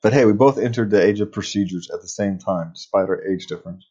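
An older man hosting a podcast, chatting casually and rambling a bit, with a husky voice. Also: lowish voice, fast, warm tone, highs cut off. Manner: rambling, chuckles often. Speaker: podcast host.

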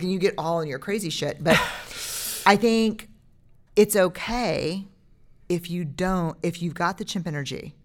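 A woman's voice: on the low side, unhurried. A woman in her forties, a guest in a casual podcast chat, who acts out what she says to her children.

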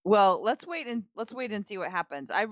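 A woman's voice: mid-range voice, big pitch swings, moderate pace, no echo. A woman co-hosting a casual basketball podcast on a close mic, playful and teasing, prodding her co-host with questions.

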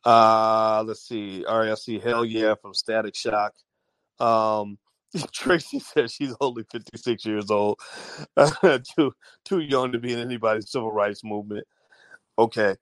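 A man's voice: on the low side, steady tone, unhurried, fairly bright tone, smooth, no room sound. A man hosting an audio-only livestream, talking casually to his chat and reading viewers' comments, with many fillers and restarts. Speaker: livestream host.

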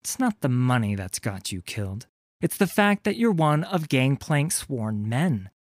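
A man's voice: mid-range voice, big pitch swings, unhurried, no echo, clean studio sound, pitched above the performer's own voice. A man voicing a cool, taunting female pirate bounty hunter with a wry, teasing manner. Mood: cold.

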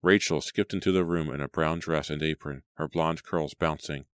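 A man reads a storybook aloud, steady and measured. His voice is extremely deep, and the recording is dry and close, with almost no room sound. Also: no echo. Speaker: audiobook narrator. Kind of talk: scripted audiobook narration.

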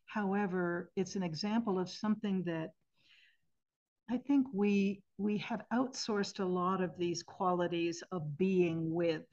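Thoughtful and sincere, this podcast guest is a woman in her sixties who works as an end-of-life singer. Her low voice keeps a steady tone as she frequently pauses and softly restarts to find better words, and the recording sounds somewhat muffled and flat.

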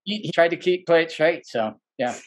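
A man's voice: fairly high pitch, fairly quick, highs cut off. Rambling male podcast guest telling stories. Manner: rambling, with many fillers and restarts; animated when quoting people. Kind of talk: casual anecdote telling.

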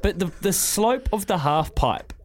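A man's voice: sits high, lively intonation, measured pace. A man with a New Zealand accent hosting a breakfast radio show, chatting in an enthusiastic, rambling way with many restarts. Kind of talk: casual radio chat.

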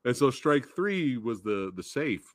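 A man's voice: mid-range voice, sing-song, unhurried, no echo, clean studio sound. A man, a podcast guest, chatting casually about a series, agreeing often and laughing easily. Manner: agreeable, lots of short yeahs, laughs easily. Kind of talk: casual review chat.

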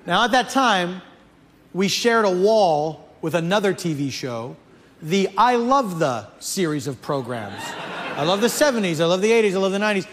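Guy with a pretty high voice spinning a funny story, lively, kinda echoey with some hum behind. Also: normal speed. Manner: animated, building to mock-outraged shouts. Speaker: comedian. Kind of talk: comic storytelling.

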